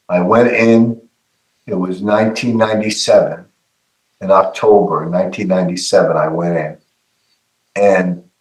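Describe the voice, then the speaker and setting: Man, middle-aged, earnest halting testimony, repeats words, roomy echo. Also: lowish voice. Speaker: guest giving testimony. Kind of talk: emotional personal testimony.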